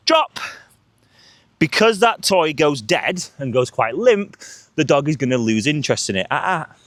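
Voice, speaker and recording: A man training a dog, explaining a tug game to viewers between sharp calls to the dog. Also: fairly high pitch, no room sound. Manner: energetic, coaching, calls sharp cues to the dog.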